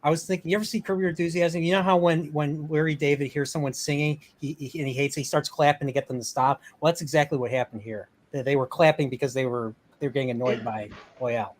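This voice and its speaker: A man in a casual podcast chat, quickly telling a joking comparison. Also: fairly high pitch, fairly even intonation. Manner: quick, jokey storyteller.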